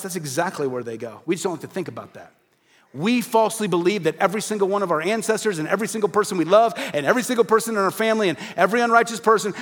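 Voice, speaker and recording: A male pastor preaching a sermon in an earnest, direct way, asking rhetorical questions and slowing to a quiet stress on key phrases. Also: sits high.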